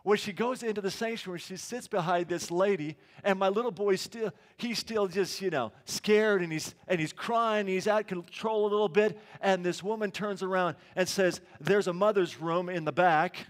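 A man's voice: high-pitched, normal speed, hardly any pauses. A middle-aged male pastor preaching a sermon in a church sanctuary, telling stories conversationally and asking the congregation questions.

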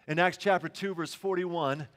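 A man's voice: high voice, normal speed, fairly bright tone. A middle-aged male pastor preaching a sermon in a church sanctuary, telling stories conversationally and asking the congregation questions.

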